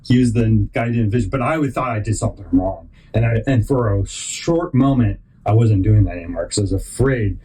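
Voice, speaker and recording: A man's voice: on the low side, a little fast, few pauses, mellow, breathy edge, poor audio. A man hosting a podcast, telling a long rambling story and acting out other people's lines in put-on voices. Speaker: podcast host.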